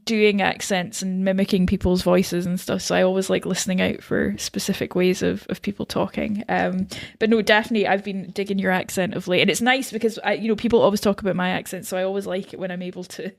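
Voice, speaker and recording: A chatty woman hosting a podcast, talking freely and animatedly. Her voice sits at an ordinary middle pitch. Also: fairly even intonation, a little fast, gravelly, hardly any pauses. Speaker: podcast host. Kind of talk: casual chat.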